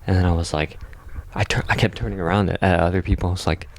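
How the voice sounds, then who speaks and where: A man's voice: sits low, fairly even intonation, fast talker, gravelly, no echo. A young man telling a long dream story on a podcast, rambling with lots of fillers and swearing. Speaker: podcast co-host. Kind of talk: casual storytelling.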